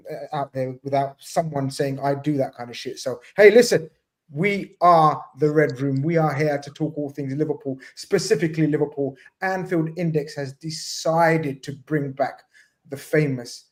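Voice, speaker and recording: A man hosting a casual fan panel over a video call, playful and excitable with jokey banter. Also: a little high, normal speed. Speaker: podcast host.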